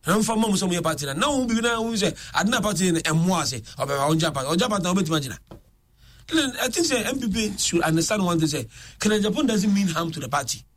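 A man talks politics on the radio, his voice riding high and his words tumbling out quickly. He swings between English and Twi in an excitable, commentary-driven delivery.

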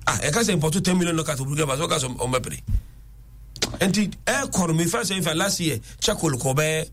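A man's voice: a little high, animated, quick pace, fairly bright tone, a little hiss or hum. A man, rambling in a casual discussion and switching between languages. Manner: rambling, restarts and code-switching.

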